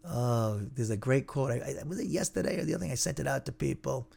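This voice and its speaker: A man's voice: medium pitch, quick pace, gravelly, darkish tone. A man teaching an informal Bible lesson, conversational and digressive, thinking aloud as he goes.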